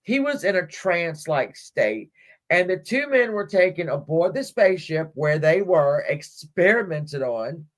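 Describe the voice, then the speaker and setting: Woman on a live stream telling a story, giggles a lot, talks slow. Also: fairly low pitch, very animated. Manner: giggly, chatty, laughs as she reads. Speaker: livestream host. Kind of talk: casual storytelling on a livestream.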